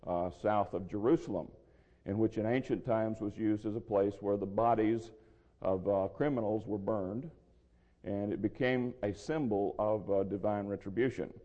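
A man teaching through a Bible passage verse by verse, measured and explanatory, with a dry throat he soothes with water. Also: lowish voice, dark tone. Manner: measured, explanatory, restarts phrases. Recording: lo-fi with long hall reverb.

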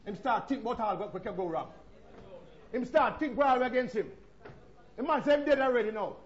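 A man with a Jamaican accent preaching a sermon, swinging between loud emphatic passages and hushed asides. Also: very high voice, expressive, a little fast, lo-fi sound.

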